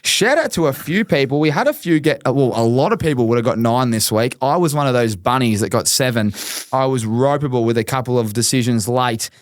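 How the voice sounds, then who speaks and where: An Australian man co-hosting a casual footy podcast, chatty and quick to laugh, with plenty of local slang. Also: mid-range voice, no room sound, clean studio sound. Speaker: podcast co-host.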